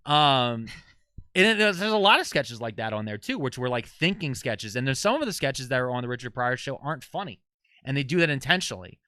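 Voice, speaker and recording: Man telling jokes on a podcast, bright-toned and rambling, dry close sound. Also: medium pitch, brisk, clean tone, no echo. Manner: animated, rambling storyteller. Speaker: podcast talker. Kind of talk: casual chat.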